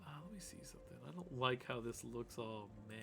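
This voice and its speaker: A man's voice: mid-range voice, animated, fairly quick, creaky, bright, forceful tone. A man hosting a casual live stream, rambling with lots of fillers and restarts. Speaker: host.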